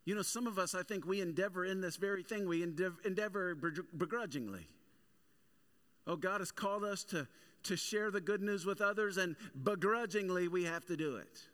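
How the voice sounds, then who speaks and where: A high-pitched man in his thirties, speaking at a normal pace with a fairly bright tone, preaches a sermon as a pastor. He tells humorous everyday stories in a conversational way, then builds up to emphatic preaching.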